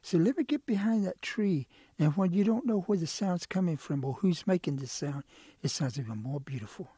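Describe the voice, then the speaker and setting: A man voicing an eager, curious male quail in a told folk tale, pleading and excited in a raised voice. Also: high voice, moderate pace, breathy edge, no room sound, studio quality. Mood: wheedling.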